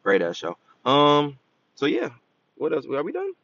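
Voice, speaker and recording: A man's voice: on the high side, wildly swooping pitch, measured pace, creaky, fairly bright tone, dull audio. A man co-hosting a podcast, telling a story in a laid-back, joking casual chat. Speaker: podcast co-host.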